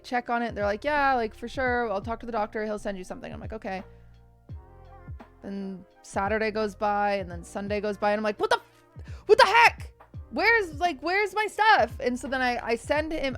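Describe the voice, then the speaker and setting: A woman's voice: a little high, clean tone. A young woman streamer telling a long, stressed story to her chat in a rambling way, acting out the people she quotes. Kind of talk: casual chat to stream viewers.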